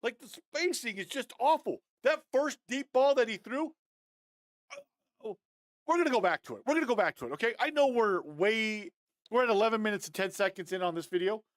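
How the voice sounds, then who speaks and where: A man breaking down football game film on a live stream, animated and fired up, talking straight to his viewers. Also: very high voice, a little fast, no room sound, studio quality. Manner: addresses viewers as guys, often adds okay.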